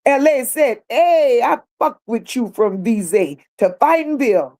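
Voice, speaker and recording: A woman's voice: on the high side, animated, unhurried, a little mellow. A woman hosting a livestream, reading viewer comments aloud and answering them bluntly, with sassy repeated phrases. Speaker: livestream host.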